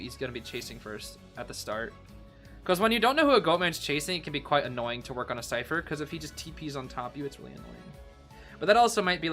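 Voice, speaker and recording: Cheering for players and responding to his chat, a young man streams a tournament match with casual, excitable live commentary, speaking in a slightly high voice.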